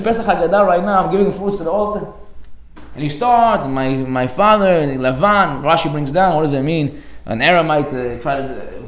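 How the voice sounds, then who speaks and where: A man preaching at a fast clip in a somewhat high voice, animated and jokey, acting out quotes with sudden loud bursts. He is recorded in an echoey hall before a live audience. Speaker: rabbi giving a Torah class. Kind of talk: energetic sermon to a live audience.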